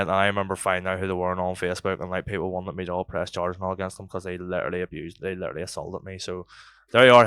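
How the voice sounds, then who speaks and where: A man's voice: low-pitched, clean tone, no echo. A young man telling a rambling, sweary story in a casual podcast chat. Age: young adult. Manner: swearing, rambling, animated retelling. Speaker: podcast host.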